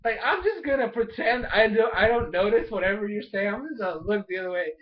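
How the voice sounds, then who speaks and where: Guy with a pretty high voice gushing thru an episode recap, says like a lot, kinda muffled lo-fi mic. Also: quick pace. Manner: animated, fills speech with "like", mild cursing. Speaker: episode reviewer. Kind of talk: casual excited recap.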